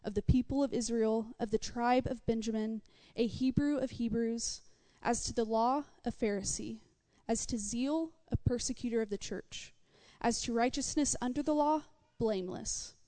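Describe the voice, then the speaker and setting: A woman reads a scripture passage aloud at a measured, steady pace. Her voice is mellow and warm. It also sits fairly high. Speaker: scripture reader. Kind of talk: scripture reading.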